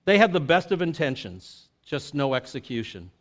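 A pastor preaching a conversational sermon, full of "you know" and "like" fillers, moving between lively asides and quiet, earnest reflection. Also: male voice, a little high, normal speed.

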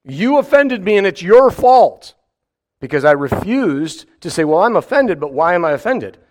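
A man preaching a sermon in an animated way, acting out mock voices and firing rhetorical questions. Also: sits high, normal speed.

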